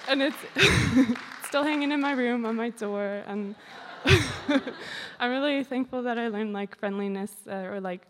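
A woman's voice: fairly high pitch, a little slow, a bit bright, slight background noise. A young woman tells a personal story to an audience, rambling and giggling with many fillers. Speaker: storyteller at a community gathering. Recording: hall reverb.

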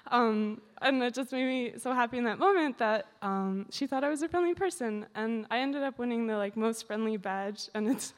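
A woman's voice: a little high, a little fast, few pauses. A young woman tells a personal story to an audience, rambling and giggling with many fillers. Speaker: storyteller at a community gathering. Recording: hall reverb.

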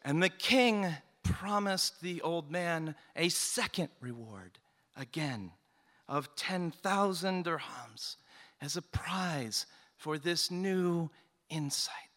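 A man telling a folk tale in a slow, deliberate and expressive way. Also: a little high. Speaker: storyteller. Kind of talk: oral folk-tale storytelling.

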